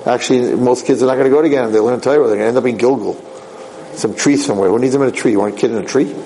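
A man giving a casual, animated Torah talk, telling a parable with quick asides. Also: medium pitch, slight background noise, poor audio. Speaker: rabbi lecturer.

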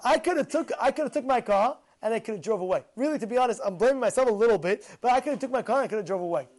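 A man giving a casual storytelling sermon as a Torah teacher, animated and repeating phrases for emphasis. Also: extremely high pitch, very fast.

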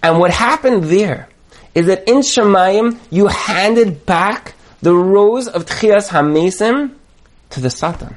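A man giving a sermon on marriage, telling parables dramatically and building to emphatic, near-shouted points. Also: high-pitched, expressive, takes it slowly. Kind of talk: sermon with storytelling.

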